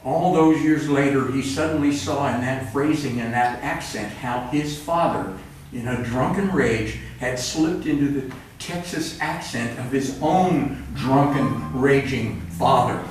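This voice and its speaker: A man's voice: mid-range voice, a little slow, far from the mic, slight background noise. A man reading from his own books at a live event, wry and plainspoken, with rambling asides between pieces. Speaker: author reading his work. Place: cultural center event room. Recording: roomy live recording from afar.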